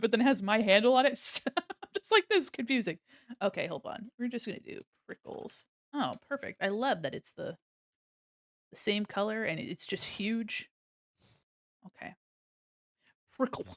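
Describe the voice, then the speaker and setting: A young woman chats away with her viewers while she draws on a live stream, bouncing from topic to topic with playful asides. Her voice leaps around a lot in pitch. The sound is dry and close from a desk mic at home. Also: dry recording. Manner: chatty, playful, drifts into hums and silly sounds. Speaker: art streamer. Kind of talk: casual live-stream chat while drawing. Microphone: desk mic on a mic arm.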